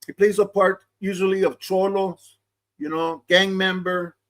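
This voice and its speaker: A man's voice: sits high, flat delivery, unhurried, fairly bright tone. A middle-aged man hosting his channel, talking casually and often checking in with "okay?". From East Los Angeles. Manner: conversational, peppered with "okay?" and Chicano slang. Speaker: channel host. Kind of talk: casual commentary monologue.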